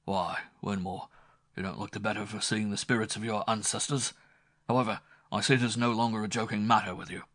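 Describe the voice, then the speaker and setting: A man playing a grave, kindly older gentleman speaking to a young man. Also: fairly low pitch, fairly even intonation, fairly quick, dry recording, clean studio sound, lightly acted. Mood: wry, kindly. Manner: grave, fatherly.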